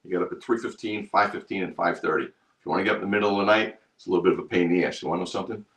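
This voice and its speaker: A man's voice: low voice, racing, fairly bright tone. A man hosting a live stream for his trading group, talking emphatically and repeating himself. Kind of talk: live stream sales pitch.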